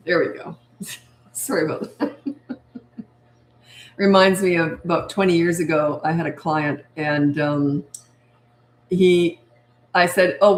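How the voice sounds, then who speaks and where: An older woman, a parenting coach, fields viewer questions on a live stream, speaking bluntly and firmly and repeating her points. Her voice is fairly low, and the poor-quality audio is reverberant with slight background noise.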